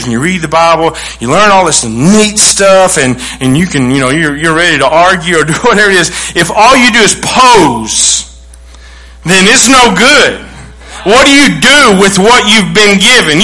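A middle-aged man preaching a sermon as pastor, emphatic and folksy, repeating phrases and swinging from loud to quiet. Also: a little high, rough recording.

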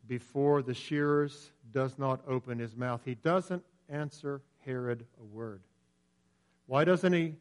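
A man preaching a sermon in an earnest, emphatic way. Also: medium pitch.

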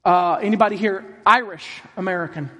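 A man's voice: sits high, brisk, bright, forceful tone. A man preaching a sermon to a congregation, speaking emphatically and putting questions to the crowd. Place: large hall with congregation. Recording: long hall reverb.

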